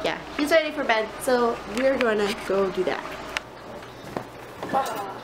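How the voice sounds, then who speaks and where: A woman's voice: a little high, lively intonation, unhurried. A woman vlogging at home, talking to her baby son in sing-song baby talk and laughing often. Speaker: vlogger and mother. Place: home, indoors. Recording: noisy home video.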